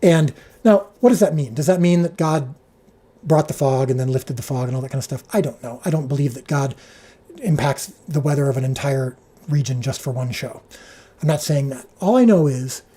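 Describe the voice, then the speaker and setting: A man who directs a show, telling an animated behind-the-scenes story on a livestream, full of restarts and fillers, his pitch leaping when he quotes people. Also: normal speed, husky. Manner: frequent restarts and filler words.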